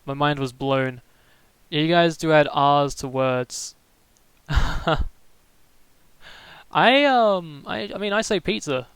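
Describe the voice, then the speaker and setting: Young guy from melbourne streaming, kinda higher voice, super dry close sound, rambly and keeps restarting. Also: fairly bright tone, smooth, no room sound, poor audio. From Melbourne, Australia. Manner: rambling, halting, restarts sentences often. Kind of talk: casual chat on a live stream, answering chat.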